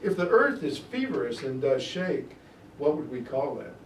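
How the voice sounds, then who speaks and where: Animated male tutor in an echoey room. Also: medium pitch, moderate pace. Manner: animated reader, stretching key words, explaining in plain asides. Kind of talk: reading and explaining Shakespeare aloud. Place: classroom in a church tutoring program. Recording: echoey room, distant mic, faint noise.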